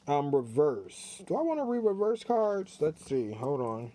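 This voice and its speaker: High-voiced man giving a chatty tarot reading. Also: very animated, normal speed, hardly any pauses, mellow. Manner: chatty, repeats himself, talks straight to viewers. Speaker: tarot reader. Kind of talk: casual spiritual card reading.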